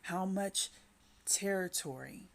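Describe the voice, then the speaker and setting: Woman, Christian speaker, devotional talk, slow and repetitive, urging, mid-pitched. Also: gravelly. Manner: slow, repetitive, urging the listener to breathe and pray.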